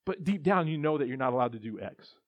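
A man's voice: medium pitch, expressive, quick pace, no room sound. A male pastor preaching a conversational sermon, with restarts and acted-out quotes. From Texas. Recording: dull, muffled dry sound.

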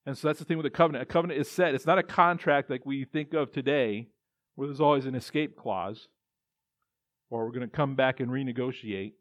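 A man's voice: mid-range voice, a little fast, a bit bright, dry recording. Man preaching a casual sermon. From Texas. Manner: conversational preaching with many restarts and acted-out quotes. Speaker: pastor. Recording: dull, muffled dry sound.

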